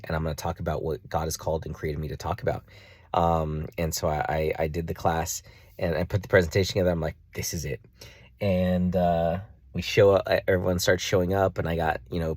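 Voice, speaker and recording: A man telling a long personal story in a casual vlog, rambling with many fillers and jumping into a high, excited voice when he acts out his own reactions. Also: breathy edge, dry recording, clean studio sound. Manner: jumps to a high excited pitch when reenacting himself. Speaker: vlogger.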